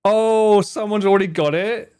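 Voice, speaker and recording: A man's voice: sits high, normal speed, darkish tone. A man streaming live, reacting to a video with teasing, joking commentary.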